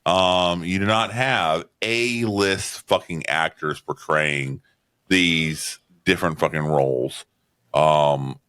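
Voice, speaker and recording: A lowish male voice, blunt and heavy on the swearing, filling his talk with "um" and "all right" in a casual film-podcast chat. He wanders through his points in a loose, offhand way. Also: slow pace, a bit bright, smooth. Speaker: podcast co-host. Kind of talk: casual movie-review chat.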